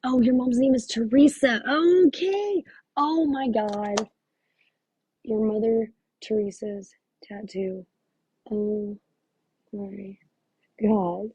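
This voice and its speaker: A woman's voice: on the high side, takes it slowly, long pauses, warm tone, breathy edge, dry recording, poor audio. A woman working as a psychic medium, talking through a live reading in a gushing, exclamatory way and thinking aloud with many fillers.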